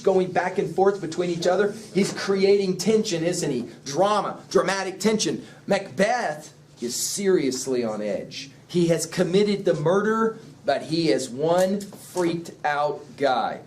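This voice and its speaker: A male English teacher lectures a class and keeps firing questions at his students. His voice sits a bit higher than most men's. A faint hum of the classroom hangs in the background. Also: takes it slowly, hardly any pauses. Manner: asks the class questions, lively explaining.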